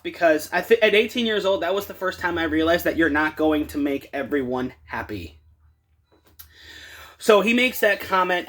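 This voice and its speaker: A man casually telling a work story for a vlog, animated and acting out the dialogue. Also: high voice. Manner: animated, retelling with quoted dialogue.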